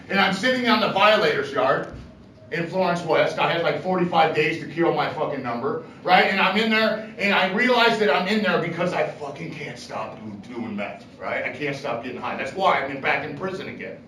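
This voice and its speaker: A man's voice: on the high side, a bit bright, echoey room, distant mic, a little hiss or hum, low-quality recording. Blunt, profane man at a recovery meeting. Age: middle-aged. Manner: blunt, profane storytelling with frequent "right?". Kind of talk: personal recovery talk. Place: meeting room.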